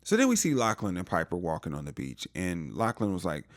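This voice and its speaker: Lively low-voiced man recapping a show. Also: brisk, no room sound, studio quality. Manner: animated, acts out characters' lines in playful voices. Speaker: TV recap reviewer. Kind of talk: casual episode recap commentary.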